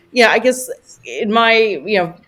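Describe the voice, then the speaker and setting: A woman talking as a podcast guest in casual conversation, chatty and rambling, with plenty of "you know" and animated retellings. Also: mid-range voice, slow. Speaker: podcast guest, vacation rental owner.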